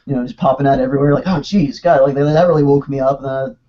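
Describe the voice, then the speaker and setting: A man casually chatting on a podcast, excitable and rambling, with quick restarts. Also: mid-range voice. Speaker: podcast co-host. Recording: dull lo-fi podcast audio.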